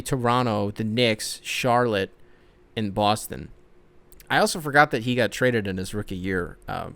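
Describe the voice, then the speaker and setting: Young guy doing a solo sports podcast, rambly, swears a lot, goes from hyped to muttering. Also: mid-range voice. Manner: rambling, swearing, swings between excited shouts and grumbling mutters. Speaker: podcast host.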